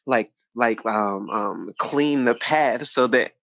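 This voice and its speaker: A man hosting a podcast, chatting casually and telling stories with lively quoted voices. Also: mid-range voice, slow, creaky, dry recording. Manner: animated storyteller, quotes others in lively voices. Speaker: podcast host.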